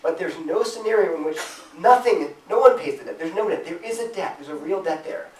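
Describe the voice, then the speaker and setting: A man's voice: high-pitched, animated, fairly quick, darkish tone. Earnest man lecturing in a roomy hall. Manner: earnest, emphatic, acts out imagined objections in a raised voice. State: choked up with emotion at times. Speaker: speaker at a campus Christian group. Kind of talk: apologetics talk to students. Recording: roomy, distant from the mic.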